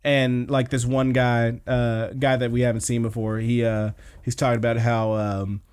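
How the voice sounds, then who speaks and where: A man's voice: mid-range voice, flat delivery, moderate pace, a little mellow, smooth. Casual podcast host man recapping episodes. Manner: rambling, filler-heavy retelling.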